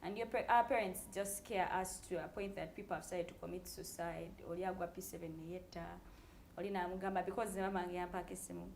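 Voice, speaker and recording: A woman's voice: fairly low pitch, fairly even intonation, fast, creaky, darkish tone, a little hiss or hum. A woman with a Ugandan accent co-hosting a casual panel chat. She tells stories with energy, switches between English and Luganda, and laughs often. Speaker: co-host.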